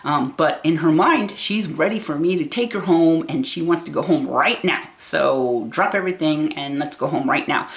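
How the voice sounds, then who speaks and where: A woman's voice: deep voice, moderate pace, hardly any pauses. A woman in her fifties talking to camera as a vlogger and caregiver, earnest and candid. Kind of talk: casual talk to camera.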